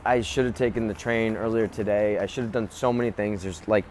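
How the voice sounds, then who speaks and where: A man's voice: on the low side, steady tone, brisk, a little mellow. A young man talking casually and candidly to his camera outdoors, rambling and open about his feelings. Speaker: travel vlogger. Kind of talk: casual vlog talk to camera. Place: outdoors by roads and vehicles. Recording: street and traffic noise. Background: traffic and outdoor city sounds.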